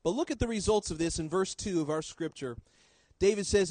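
A man preaching a sermon in church, swinging between loud emphasis and quiet low drops. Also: fairly quick, dry recording, low-quality recording.

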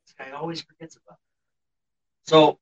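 A man co-hosting a casual podcast tells a story bluntly and sarcastically, swearing constantly. His voice is fairly high, with a level tone and measured pace, and he sounds distant from the mic on a dull lo-fi recording.

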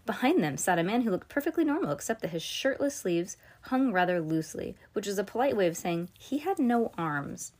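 A woman's voice: medium pitch, big pitch swings, brisk, few pauses, darkish tone. A woman hosting a podcast, reading a children's novel aloud in a casual way with chatty asides. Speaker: podcast host.

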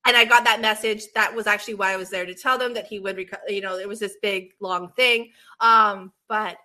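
A woman co-hosting a casual spiritual chat, telling stories with lively swings between loud and soft. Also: medium pitch, brisk. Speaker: co-host, animal communicator.

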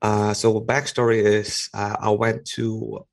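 A man calling in to a podcast, speaking haltingly with many fillers. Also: lowish voice, flat delivery. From Philippines. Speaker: caller. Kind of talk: casual chat.

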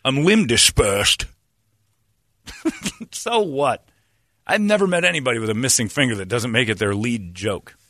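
A man hosting casual studio banter, an animated storyteller who swings his pitch around. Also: moderate pace, long pauses, no room sound. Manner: animated storyteller, jumpy pitch, mock voices.

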